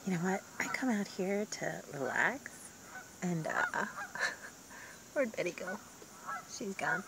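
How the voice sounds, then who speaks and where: A woman van life vlogger outdoors at a lakeside campground, giving casual, wry commentary in a hushed, often half-whispered voice. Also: on the low side, unhurried, long pauses. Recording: outdoor noise with geese honking.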